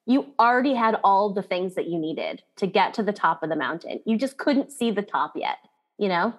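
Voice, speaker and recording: A woman's voice: mid-range voice, lively intonation, moderate pace. A woman guest on a podcast interview, telling a personal story in a candid, chatty way with lots of "like".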